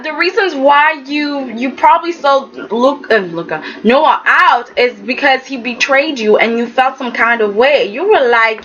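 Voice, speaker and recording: High bright lady chatting through a soap recap, lo-fi sound, animated. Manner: animated, talks straight at the characters. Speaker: soap opera recap vlogger. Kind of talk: casual recap commentary.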